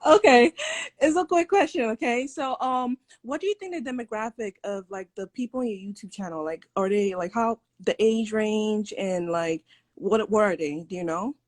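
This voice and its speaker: A woman's voice: mid-range voice, moderate pace, darkish tone. A woman in her twenties calling into a live stream, giggly and hesitant. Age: 20s. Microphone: phone call on a live stream.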